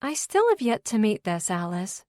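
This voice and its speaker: A woman's voice: mid-range voice, sing-song, moderate pace, a little mellow, no room sound, studio quality, pitched above the performer's own voice, natural voice. Woman voicing an outspoken curious young woman.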